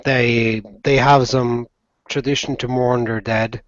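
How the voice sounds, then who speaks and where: A man voicing an earnest, gentle gnome adventurer who speaks in a measured way, on a dry, slightly dull lo-fi recording. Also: medium pitch, little pitch movement, no room sound, natural voice.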